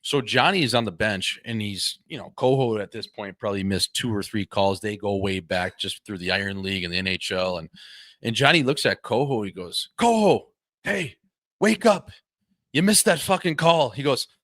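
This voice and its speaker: Low-voiced man telling hockey stories. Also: fairly quick, dry recording, clean studio sound. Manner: animated anecdotes with quoted voices, swears freely. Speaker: podcast co-host, former pro hockey player. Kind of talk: casual chat, storytelling.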